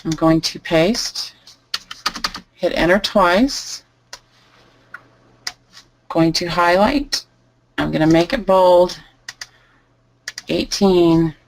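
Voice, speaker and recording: A woman teaching a live online lesson, calmly thinking aloud as she types through each step. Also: on the low side, drawn-out words, pauses often, slight background noise, rough recording. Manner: relaxed, thinking aloud while typing. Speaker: online selling instructor. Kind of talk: live screen-share tutorial.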